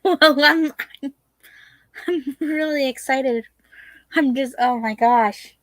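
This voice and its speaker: A woman in casual chat on a livestream, giggly and excitable. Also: high-pitched, takes it slowly, dry recording.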